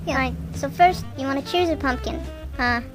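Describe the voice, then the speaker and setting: Woman doing a muddled mumbling actor giving a tutorial; high-ish voice. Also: brisk, music in the background, lightly acted, poor audio. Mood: rambling. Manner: rambling, unsure, trailing off. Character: mumbling impression of a famous male actor. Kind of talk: improvised radio comedy.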